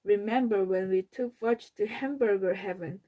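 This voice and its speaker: A woman's voice: medium pitch, normal speed, dull audio, close to an everyday voice. A woman reading a storybook aloud, voicing a stubborn, indignant older boy with emphatic, raised delivery. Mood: teasing.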